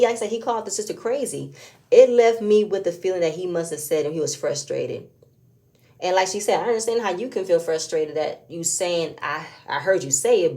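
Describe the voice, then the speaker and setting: A woman with a slightly low voice talks through a reality show episode in a casual review. She is opinionated and often pushes into emphatic, louder stretches when she makes her point. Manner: opinionated, rising to emphatic outbursts. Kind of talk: casual recap commentary.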